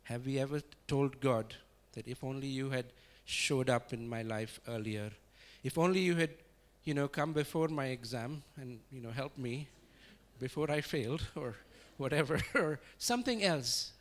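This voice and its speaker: A man preaching in a conversational, relaxed way, chuckling and searching for words as he talks. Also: medium pitch, moderate pace. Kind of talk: conversational sermon.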